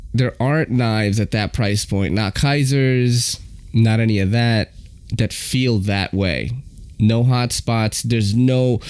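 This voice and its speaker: A man's voice: mid-range voice, a little mellow, no echo. A man hosting his own podcast in casual chat, laid-back and enthusiastic, often dropping "man" and "you know". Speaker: podcast host.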